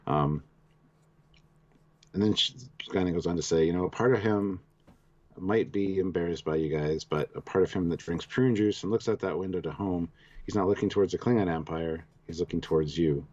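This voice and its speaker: A man's voice: sits low, fairly quick, darkish tone. A man co-hosting a review show, casually recapping scenes and reading viewer messages. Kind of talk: casual episode review chat. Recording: dull lo-fi sound.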